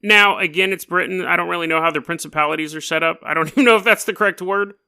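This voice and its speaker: A man's voice: high-pitched, fast, vocal fry, pushed and bright, clear, resonant tone. A man hosting a paranormal storytelling podcast, telling the tale in a rambling, joking way. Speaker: podcast host.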